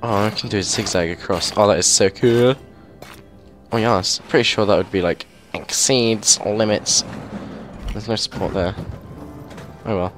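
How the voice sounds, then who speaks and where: A young man giving casual, excitable commentary as he plays a game and thinks aloud into a mic held very close to his mouth. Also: lowish voice, a little slow, over music. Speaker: gameplay video host.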